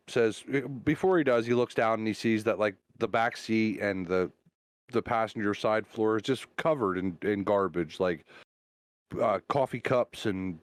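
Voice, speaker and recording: A man's voice: lowish voice, clear, resonant tone, no room sound, studio quality. A man co-hosting a casual podcast, telling long jokes in a rambling way with fillers and restarts. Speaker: podcast co-host.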